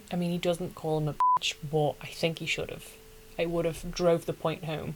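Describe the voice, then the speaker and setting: A young woman with a fairly low voice runs through an anime plot in a loose, chatty recap. She is slangy and opinionated, and a faint hum of room ambience sits under her voice. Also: little pitch movement, moderate pace.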